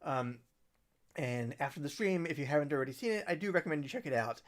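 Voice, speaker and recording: Chatty higher-voiced man on a livestream. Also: expressive, fast. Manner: rambling, recommending links, trailing off into soft asides. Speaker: musician hosting a livestream. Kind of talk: casual livestream chat.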